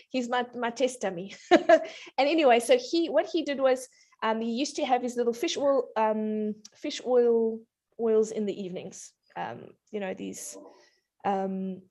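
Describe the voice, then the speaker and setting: Speaking a little high and a little slowly, this thirtysomething parenting coach shares family anecdotes on a talk show. The chat is casual and warm, full of laughter, and she slips into children's voices as she tells them.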